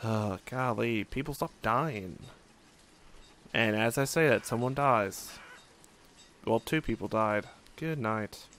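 A man's voice: on the low side, slow, pauses often, a bit bright, slight background noise. A young man casually commenting on his own gameplay, musing and thinking aloud with frequent fillers. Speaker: let's play host.

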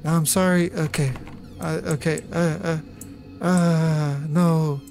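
Let's-play gamer: man with a fairly high voice, nervous and apologetic, swears when startled. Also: fairly even intonation, slow, darkish tone, soft background music.

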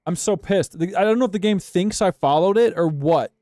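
Profane, higher-pitched young male streamer. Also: brisk, dark tone, no echo, clean studio sound. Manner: profane, exasperated banter with chat. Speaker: live streamer. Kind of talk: casual gameplay commentary.

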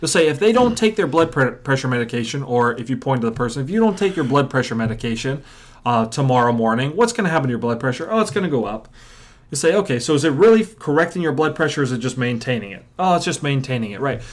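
A chiropractor teaching a workshop method, telling patient stories and acting out what patients and audience members say. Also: male voice, medium pitch, lively intonation, fast. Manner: storytelling, acts out patients and audience. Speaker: chiropractor and coach. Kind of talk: teaching a seminar.

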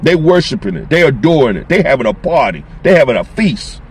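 A man's voice: a little high, very animated, fairly quick, slightly rough. A man preaching on scripture as a street preacher, emphatic and repetitive in informal phrasing.

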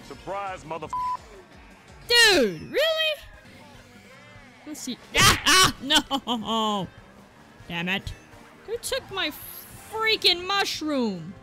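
A young woman giving excited gameplay commentary. She yelps, swears and laughs at herself as she plays. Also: high voice. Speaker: gaming video creator.

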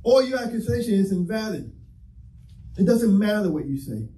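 A man's voice: sits high, big pitch swings, moderate pace, dark tone. A man preaching a sermon as pastor, talking conversationally and acting out little dialogues. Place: church sanctuary. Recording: echoey church hall, mic from a distance.

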